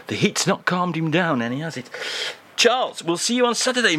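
A man's voice: on the high side, very animated, a little fast, bright, forceful tone. A man hosting a radio show, bantering playfully and teasingly in a comedy segment. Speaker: radio host.

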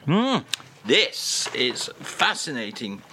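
A man hosting a comic radio segment, playful and teasing, with quick asides. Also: mid-range voice, big pitch swings, bright, forceful tone, slight background noise. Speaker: radio host.

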